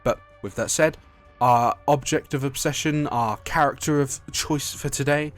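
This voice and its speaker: A British man gives a loose, chatty commentary, drifting between thoughts and patching up his own sentences as he goes. His voice sits at an ordinary middle pitch. A faint bed of music plays quietly underneath. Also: moderate pace. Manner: rambling, self-correcting, chatty. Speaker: gaming video creator. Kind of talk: casual video commentary.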